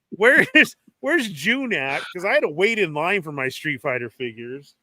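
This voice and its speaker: A man hosting a casual chat about toy figures, telling animated stories and acting out what others said. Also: sits high, slow. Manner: animated storyteller, acts out quoted exchanges. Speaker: podcast host.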